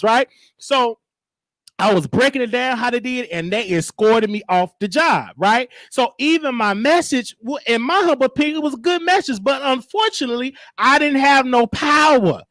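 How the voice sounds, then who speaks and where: Man, host, casual commentary, high voice, animated preachy delivery, dry sound. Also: normal speed, no echo. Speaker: show host.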